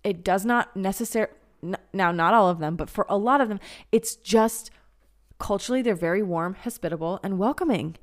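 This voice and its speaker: A young woman hosting a podcast, chatting casually and frankly, with plenty of swearing and animated emphasis. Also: medium pitch, moderate pace. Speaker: podcast host. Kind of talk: casual chat.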